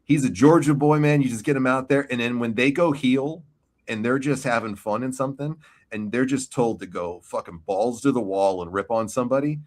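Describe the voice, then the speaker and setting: A man's voice: medium pitch, brisk. A man with a New York accent, hosting a casual wrestling podcast and telling stories full of swearing. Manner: profane, storytelling. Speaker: podcast host.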